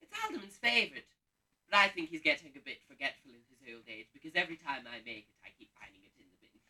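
A man's voice: a little high, very animated, fast, exaggerated voice. A man playing a brash pantomime dame cook. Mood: rousing. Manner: loud, camp, bossy, rouses the audience. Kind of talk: live pantomime stage acting. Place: theatre stage. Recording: distant stage sound from the hall.

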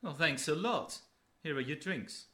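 A man's voice: a little high, expressive, a little slow, pushed and bright. An actor with a British accent playing a flustered, hesitant man posing as a financial advisor in a sitcom. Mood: bemused. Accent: British English. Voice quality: hesitant, bemused. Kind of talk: sitcom acting.

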